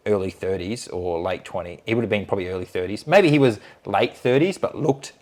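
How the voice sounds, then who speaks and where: A man in his late thirties, a podcast guest telling a story in casual chat, animated and swearing freely. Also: fairly low pitch, brisk. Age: late 30s. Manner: animated, swears freely, acts out others' lines.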